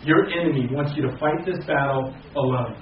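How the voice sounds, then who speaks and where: A man preaching earnestly as pastor to a small congregation, rising loud and then dropping to soft, slow phrases. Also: a little high, slight background noise. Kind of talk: sermon. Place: church hall with a small congregation. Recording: very echoey, distant and muffled hall recording.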